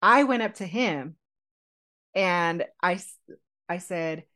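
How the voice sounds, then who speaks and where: A woman co-hosting a podcast, telling a personal story in an animated, chatty way with frequent laughter. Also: mid-range voice, a little fast. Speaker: podcast co-host telling her proposal story. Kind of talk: casual storytelling chat.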